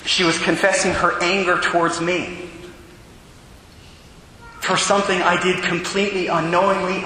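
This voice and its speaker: Bright-voiced priest preaching in an echoey hall. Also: male voice, on the high side. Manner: storytelling with quick animated asides. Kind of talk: sermon. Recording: echoey hall with long reverb.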